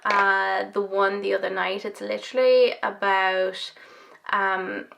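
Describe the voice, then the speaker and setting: A woman's voice: mid-range voice, flat delivery, takes it slowly, vocal fry, background noise. A young woman chatting casually in a Q&A vlog as a makeup YouTuber, rambling with lots of fillers while doing her own makeup at home. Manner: rambling, filler-heavy, self-deprecating.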